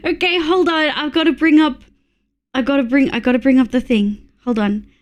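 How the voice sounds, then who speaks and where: A young adult woman with an Australian accent, a streamer chatting casually and excitably with her viewers, swearing and thanking them. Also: high-pitched, normal speed. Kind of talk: casual live-stream chat.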